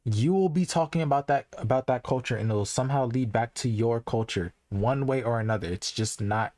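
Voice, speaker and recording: A young man talks to his stream chat in a relaxed, earnest ramble, often restarting his sentences and filling gaps with "like". His voice sits at a middle pitch. The recording is dry and close, with almost no room sound. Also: a little fast, no room sound. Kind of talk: casual live-stream commentary.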